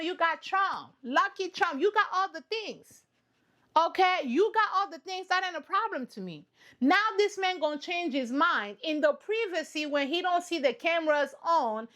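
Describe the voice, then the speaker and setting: A woman giving casual, animated reaction commentary on a reality show, playful and repeating points for effect. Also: very high voice. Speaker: reaction vlogger.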